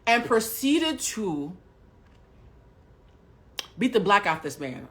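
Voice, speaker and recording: A woman hosting a live stream, telling a personal story to her chat with lots of swearing. She drops to hushed asides, then bursts out loud. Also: mid-range voice, very animated, takes it slowly, long pauses. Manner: profane, swings between hushed asides and loud outbursts; talks directly to live chat.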